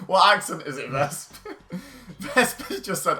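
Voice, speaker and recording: A man's voice: high-pitched, huge pitch swings, drawn-out words, long pauses, bright, forceful tone. A man streaming a game, chatting casually with friends and laughing often in a teasing way. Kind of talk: casual chat while gaming.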